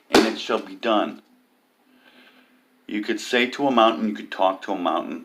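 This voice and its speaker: A man's voice: normal speed, sharp tone. A man ranting to camera about religion, mocking, with many filler ums. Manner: mocking, lots of ums, mimics others in high cries. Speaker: atheist vlogger.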